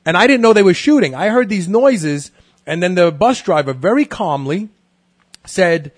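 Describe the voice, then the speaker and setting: Guy cohosting, chatty storyteller, slightly high voice, dry sound. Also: moderate pace, dry recording. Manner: chatty, animated anecdotes. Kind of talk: casual interview, storytelling.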